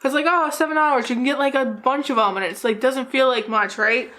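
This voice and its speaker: A woman's voice: sits high, brisk, a bit bright. A woman from New Jersey chatting through a makeup vlog while tipsy, rambling, giggling and swearing freely. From New Jersey, USA. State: tipsy from drinking. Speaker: makeup YouTuber. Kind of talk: casual vlog chat.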